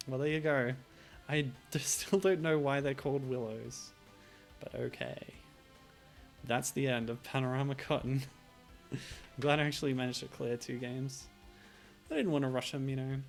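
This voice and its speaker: A man's voice: medium pitch, steady tone, normal speed, vocal fry, faint music behind. A man streaming a retro game, chatting casually and wryly with frequent laughs.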